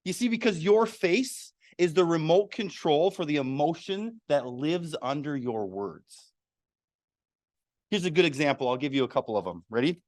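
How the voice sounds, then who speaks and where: A man's voice: fairly high pitch, normal speed, dry recording. Guy teaching a speaking workshop, asks the crowd stuff, dry room sound. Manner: animated, asks the audience questions. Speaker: workshop presenter. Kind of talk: public speaking lesson to a live audience. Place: meeting room.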